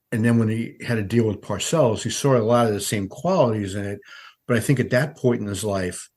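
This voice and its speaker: A man in his sixties, a veteran sportswriter, telling stories as a podcast guest in a conversational way with frequent restarts. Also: lowish voice. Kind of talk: podcast interview.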